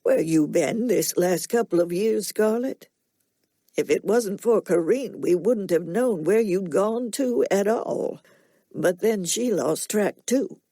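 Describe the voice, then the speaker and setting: A woman doing a slow nasal Southern farmer. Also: mid-range voice, lively intonation, no echo. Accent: Southern US drawl. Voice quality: nasal drawl. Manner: slow, plainspoken, quietly stern. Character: slow, soft-spoken middle-aged Southern farmer man. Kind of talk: audiobook character reading.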